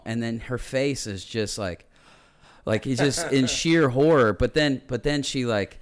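A man's voice: mid-range voice, measured pace. A man co-hosting a podcast, telling profane, jokey stories in casual chat. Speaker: podcast co-host.

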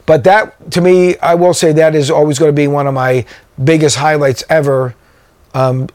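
Man, drummer guest, casual storytelling, rambling, filler-heavy, somewhat high pitch, dry close sound. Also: fairly even intonation, moderate pace, a little mellow, no echo. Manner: rambling, many fillers and restarts.

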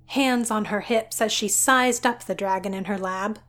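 A woman narrating a scripted story in an even, descriptive way. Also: mid-range voice, moderate pace, few pauses.

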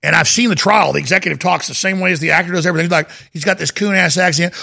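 Gravelly, forceful man ranting on air. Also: fairly high pitch, rapid-fire, few pauses. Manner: emphatic, repetitive, insistent. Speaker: talk radio host. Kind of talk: rambling monologue.

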